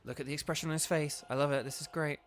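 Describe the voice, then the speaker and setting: A man's voice: fairly high pitch, fairly even intonation, rapid-fire, slight background noise. Enthusiastic man streaming a game. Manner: enthusiastic, rambling, lots of "like". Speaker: gaming streamer and voice actor. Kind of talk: casual gameplay commentary.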